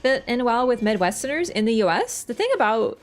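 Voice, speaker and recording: A woman's voice: fairly high pitch, sing-song, fast. A young woman from Canada chatting casually with her livestream viewers, rambling with lots of fillers. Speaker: streamer.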